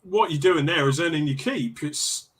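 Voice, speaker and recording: A man's voice: fairly high pitch, normal speed, husky. A man hosting a casual motorsport podcast, friendly and upbeat as he interviews his guests. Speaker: podcast host.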